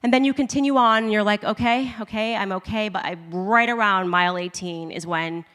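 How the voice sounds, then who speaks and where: Woman telling a lively story. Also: mid-range voice, fairly quick, smooth, long reverb tail. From United States. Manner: animated, laughing often, acting out her own reactions. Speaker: commentator. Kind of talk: personal testimony storytelling.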